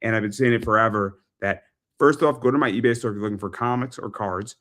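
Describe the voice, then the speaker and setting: A podcast host and eBay seller with a lowish, fairly bright voice talks fast on a pop culture interview show. He chats casually, repeats phrases a lot, and makes salesy plugs for his store.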